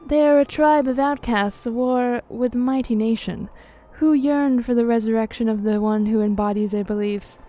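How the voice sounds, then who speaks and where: A woman voicing a composed young woman leader, reading game dialogue in a formal, measured way. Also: fairly high pitch, fairly even intonation, dark tone, lightly acted. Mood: earnest.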